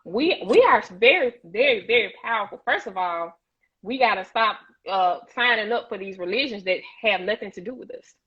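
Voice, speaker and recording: A woman's voice: mid-range voice, lively intonation, normal speed, husky, muffled recording. A woman on a talk show panel, speaking emphatically and preachily and repeating words as she builds each point. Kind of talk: impassioned discussion.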